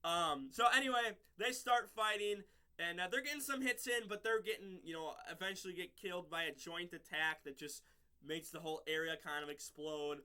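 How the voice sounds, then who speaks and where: Bright-voiced man rambling through a recap. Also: high voice, moderate pace, clean tone. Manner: rambling, many fillers and restarts, laughs at own slips. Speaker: episode reviewer. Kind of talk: casual recap and review.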